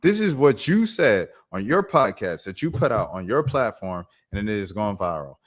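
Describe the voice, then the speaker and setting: A man with a low voice hosts a casual live commentary stream. His delivery is animated and mocking, with pitch that leaps up and down. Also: normal speed. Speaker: commentary channel host.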